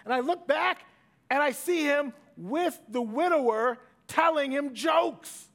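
A middle-aged man preaching a sermon, swinging from loud emphatic bursts to hushed asides. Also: very high voice, animated, takes it slowly, vocal fry. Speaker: pastor.

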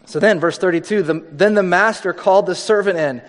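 Reading scripture aloud and acting out the lines, a male pastor preaches in a loose, conversational way at a slightly fast pace. His voice is high for a man and echoes with a long hall reverb.

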